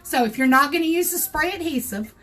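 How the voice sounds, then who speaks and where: An older woman from South Carolina with a Southern accent, her voice hoarse, chatting in a folksy way as she hosts a crafting livestream tutorial from her home craft room. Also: high-pitched, animated, a little fast, a bit bright. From South Carolina, USA. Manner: chatty, folksy, greets viewers by name.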